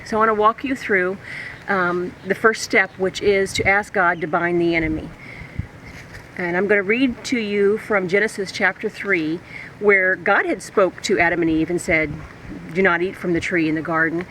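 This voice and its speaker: A woman's voice: fairly low pitch, normal speed, fairly bright tone, a little hiss or hum, rough recording. A woman teaching a Christian lesson step by step, reading scripture aloud and checking in with the listener as she goes.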